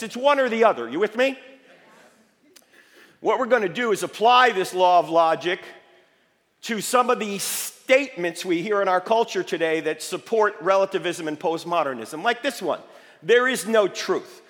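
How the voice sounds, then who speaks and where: A man giving an emphatic, lively lecture to a live audience, quizzing them with rhetorical questions, his voice slightly failing. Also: sits high, moderate pace. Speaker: speaker addressing a live audience. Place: large hall with audience. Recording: echoey hall reverb.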